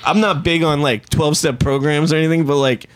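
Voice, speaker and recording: A man's voice: on the high side, fairly even intonation, fairly quick. A man from New Jersey, a touring musician and podcast guest, telling a rambling story full of swearing, fillers and restarts. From New Jersey, USA. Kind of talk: casual podcast chat.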